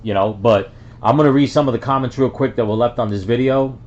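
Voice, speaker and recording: A man's voice: medium pitch, a little fast, darkish tone. A man from the Bronx giving casual reaction commentary, rambling with many fillers and restarts. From the Bronx, New York. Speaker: reaction video host. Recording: dull lo-fi sound.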